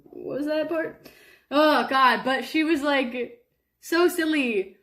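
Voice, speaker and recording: High-pitched woman streamer chatting away, animated, stretches her words, lots of likes. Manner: animated storytelling with sudden high bursts and laughter; drawn-out words and frequent fillers. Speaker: live streamer. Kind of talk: casual chat on a live stream.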